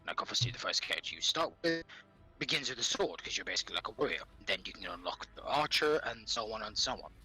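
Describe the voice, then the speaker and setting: A man's voice: fairly low pitch, expressive, fast talker, pushed and bright, breathy edge, soft background music, rough recording. A man with a non-native English accent co-hosting a casual gaming podcast, laughing often and swearing freely. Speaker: podcast co-host.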